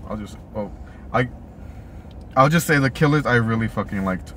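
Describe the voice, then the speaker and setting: A young man giving a quick, blunt film rating in casual chat from a car, swearing freely. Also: mid-range voice, fairly bright tone, slight background noise. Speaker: co-reviewer.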